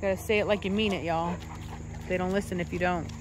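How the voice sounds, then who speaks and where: A woman's voice: steady tone, fast, noisy background. A woman who breeds dogs, chatting casually to viewers in a rambling, self-correcting way. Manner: rambling, self-correcting, calls out to her dogs in a high coaxing voice. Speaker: dog breeder and channel host. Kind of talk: casual vlog talk to viewers.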